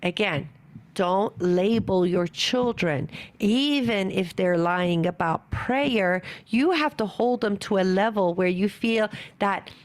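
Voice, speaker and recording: A middle-aged woman giving an earnest, animated conference talk on parenting, acting out parents and children as she goes. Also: mid-range voice, slow. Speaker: parenting speaker.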